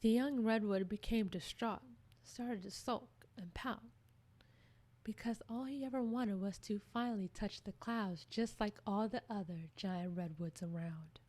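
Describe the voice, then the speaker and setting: A woman storyteller reading a children's story aloud in an expressive, measured way. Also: medium pitch.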